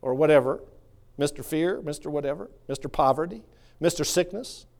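A male pastor preaching a sermon, swinging from quiet musing to fervent shouting. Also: fairly high pitch, animated, fairly quick, creaky.

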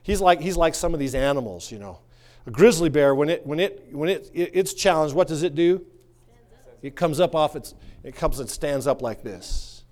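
A male pastor preaching a sermon, swinging from quiet musing to fervent shouting. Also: a little high, lively intonation, moderate pace.

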